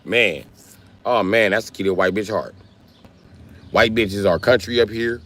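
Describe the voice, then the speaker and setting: A man hosting a livestream, chatting casually and telling stories in a profane, animated way. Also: on the low side, moderate pace. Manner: profane, animated storytelling with voiced asides. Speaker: livestream host.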